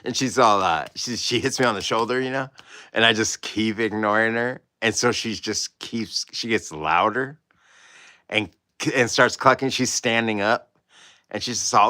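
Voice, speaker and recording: A man's voice: lowish voice, moderate pace, sharp tone, dry recording. A man hosting a livestream as an artist, telling a story in a rambling, casual way and laughing often.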